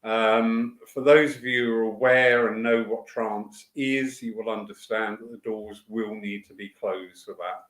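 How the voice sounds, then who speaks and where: A man's voice: on the low side, steady tone, measured pace, few pauses, fairly bright tone, reverberant. A man who organizes church events, running through the day's programme in a chatty, enthusiastic way with fillers and asides. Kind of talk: casual spoken announcements. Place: church hall.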